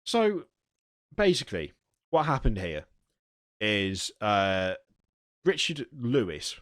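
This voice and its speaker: A man's voice: fairly low pitch, big pitch swings, takes it slowly, long pauses, a bit bright, dry recording, studio quality. Man rambling through a story. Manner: rambling, self-interrupting storyteller with frequent ums. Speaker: podcast co-host. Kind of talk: casual chat.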